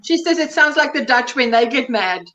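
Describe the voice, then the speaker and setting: A woman's voice: high voice, animated, moderate pace, pushed and bright, slight background noise, rough recording. A woman hosting a crafting livestream, cheerfully reading out viewer comments and chatting. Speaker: livestream host. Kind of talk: casual chat, reading viewer comments aloud.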